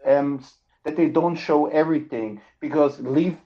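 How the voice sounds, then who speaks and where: A man guest in a casual podcast chat who speaks haltingly with many restarts. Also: on the high side, lo-fi sound.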